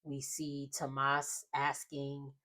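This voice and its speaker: Low-voiced woman casually recapping a soap. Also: monotone, slow, sharp tone. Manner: chatty, acts out the characters' lines in quotes. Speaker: soap opera recap host.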